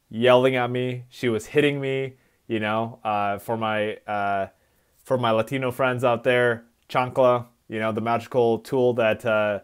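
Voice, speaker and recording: A man who speaks at schools, telling his life story in a reflective, conversational way on a live stream. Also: mid-range voice. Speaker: motivational speaker.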